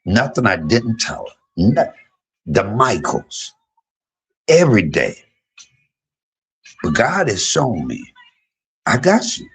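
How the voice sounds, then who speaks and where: A man in his fifties speaks in a husky, fairly low voice. He talks on a livestream in a blunt, profane personal monologue, and his pitch swings widely from loud outbursts down to low murmurs. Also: huge pitch swings, takes it slowly, long pauses, poor audio. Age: 50s. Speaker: livestream host.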